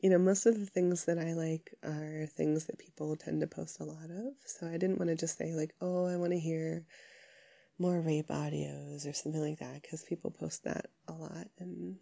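A young woman with a sick voice chatting casually to her listeners from her couch, rambling with lots of fillers and soft giggles. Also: deep voice, level tone, moderate pace, creaky, no room sound.

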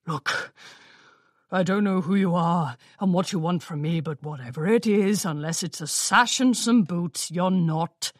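Woman doing a grumpy old pony guy, snarly and slow, dry close sound. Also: on the low side, no room sound. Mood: gruff. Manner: snarling, barking. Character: paranoid old male pony shopkeeper, gruff.

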